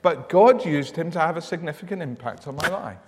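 A man's voice: a little high, expressive, fairly quick, noisy background. A man preaching a sermon in a church, telling stories in an earnest way and often repeating words as he starts a thought. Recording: long church reverb.

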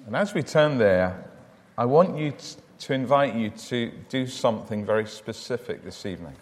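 In a church with long reverb, a man preaches a sermon, telling stories earnestly and often repeating words as he begins a thought. His voice is medium-pitched and expressive, at a moderate pace.

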